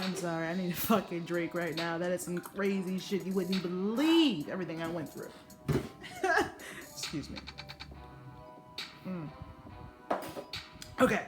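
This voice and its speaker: A young adult woman from the United States telling a casual vlog story, swearing freely and acting out what people said in raised voices. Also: fairly low pitch. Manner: animated, profane, acts out quotes in raised voices. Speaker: vlogger.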